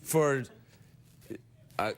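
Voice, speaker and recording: Speaking extremely slowly, the late-night talk show host rambles and jokes his way through a comic monologue and viewer emails, animated throughout. The recording is very noisy, from a television studio with a live audience roaring with laughter.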